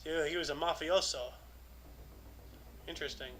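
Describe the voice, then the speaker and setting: A man's voice: fairly high pitch, normal speed, a bit bright, poor audio. A man co-hosting a casual podcast, reading historical dates and rambling with lots of fillers. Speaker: podcast co-host. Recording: music playing underneath. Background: music.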